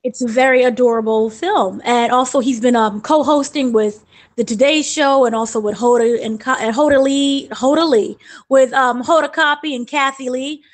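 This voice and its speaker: A woman with a high, light voice reads through the week's stories for a podcast. She keeps it chatty and relaxed. It sounds like casual talk among co-hosts. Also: normal speed. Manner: chatty, relaxed news rundown. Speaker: co-host, news presenter.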